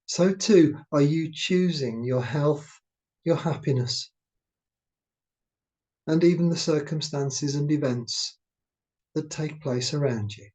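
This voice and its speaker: Male meditation teacher: warm, mellow tone, unhurried and soothing. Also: fairly high pitch. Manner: slow, gentle, soothing delivery. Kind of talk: guided meditation talk.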